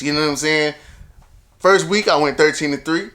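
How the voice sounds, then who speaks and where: A young man casually talking through his weekly football predictions in a slangy, self-assured, animated way. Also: fairly high pitch, a little slow. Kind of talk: casual sports predictions vlog.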